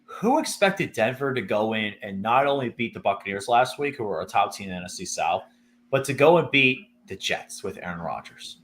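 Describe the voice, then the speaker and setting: A man's voice: on the low side, animated, a little fast, fairly bright tone. A man co-hosting a casual football picks show, talking through stats and correcting himself as he goes. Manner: rambling, self-correcting, laughs easily. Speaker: co-host. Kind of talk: casual sports picks chat.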